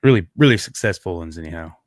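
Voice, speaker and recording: A man's voice: low voice, animated, fast talker, no echo, clean studio sound. A man co-hosting a podcast, chatting casually in a laid-back, rambling way that trails off and restarts. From Kansas, USA. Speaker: podcast co-host. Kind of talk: casual chat.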